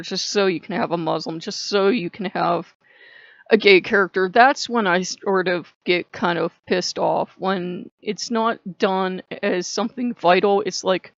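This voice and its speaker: Female vlogger, heated sarcastic rant, gravelly, dry dull recording. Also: mid-range voice, no echo. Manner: heated, swearing, sarcastic, laughing. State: angry. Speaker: channel host. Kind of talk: casual ranting vlog. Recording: dull lo-fi sound.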